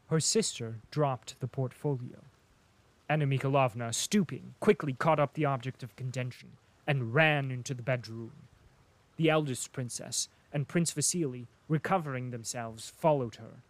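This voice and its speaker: A man narrating a classic novel as an audiobook in a measured, even reading. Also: medium pitch, dry recording, poor audio.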